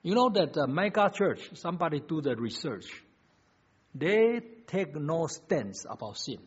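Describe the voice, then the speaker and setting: A man's voice: fairly high pitch, sing-song, unhurried, slightly rough. A man preaching a sermon, emphatic and full of rhetorical questions, in slightly non-native phrasing. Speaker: pastor. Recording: dull lo-fi recording.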